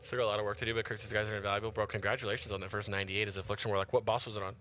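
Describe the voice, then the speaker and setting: A man's voice: on the low side, little pitch movement, very fast, pushed and bright, a little hiss or hum. A tired man giving slangy live gameplay commentary, yelping and squealing when startled. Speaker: gaming streamer.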